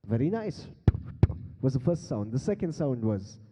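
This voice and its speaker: A man's voice: mid-range voice, sing-song, moderate pace, mellow, husky. Playful man in a long-reverb hall. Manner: playful, quizzes the crowd, laughs often. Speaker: beatbox performer teaching the audience. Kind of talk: live interactive stage workshop. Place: large conference hall stage. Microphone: handheld stage mic.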